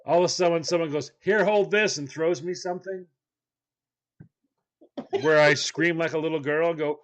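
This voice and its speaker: Speaking at normal speed with frequent pauses, a slightly high-voiced man co-hosts a laid-back chat show. He animatedly recounts a funny story, performing the voices of everyone he quotes.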